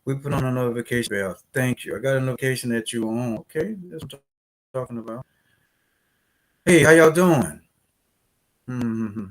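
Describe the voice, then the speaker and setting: A man from New Orleans with a New Orleans accent, hosting a casual livestream and chatting directly with viewers before presenting steps. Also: mid-range voice. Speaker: host of a business credit livestream.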